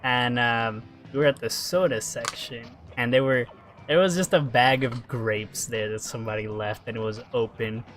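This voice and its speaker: Guy streaming a game, rambling and cursing, laughs a lot, yells when stuff happens, some quiet music behind. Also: medium pitch, moderate pace. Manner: rambling and swearing, with laughs and sudden excited yells. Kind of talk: casual live-stream chat while gaming.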